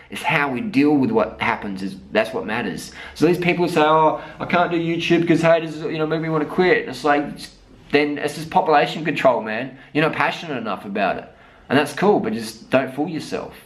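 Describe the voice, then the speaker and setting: A man's voice: mid-range voice, rough recording. An Australian man in his thirties, talking to camera in a blunt, profane, emphatic motivational rant mixed with storytelling. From South Australia. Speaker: vlogger.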